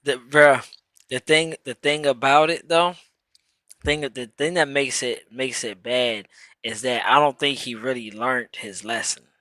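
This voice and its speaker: A man talking on a casual live stream, his voice bright and forceful. He speaks in slang and circles back over his words as he works toward a point. The sound is dry and close, with no room echo. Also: mid-range voice, fairly even intonation, a little slow. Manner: repeats words while building a point, slangy. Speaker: podcast co-host.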